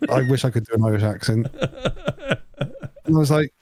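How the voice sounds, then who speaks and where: A man co-hosting a podcast, telling an animated story through laughter in casual chat. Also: mid-range voice, a little slow. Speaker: podcast co-host.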